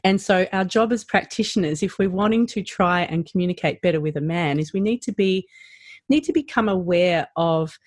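A woman's voice: normal speed, no echo. Woman, dry close podcast voice. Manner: animated, rising and falling pitch, lots of fillers. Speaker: practitioner educator. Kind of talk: podcast conversation.

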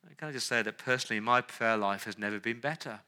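A medium-pitched male pastor preaches fast and earnestly, and his voice turns soft and pleading as he speaks prayers aloud.

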